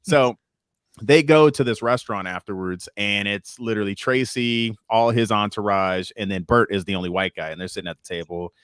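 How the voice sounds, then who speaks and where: A male podcast co-host in casual chat, telling an animated story and acting out the voices of the people in it. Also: fairly low pitch, a little fast, clean tone, no room sound, studio quality.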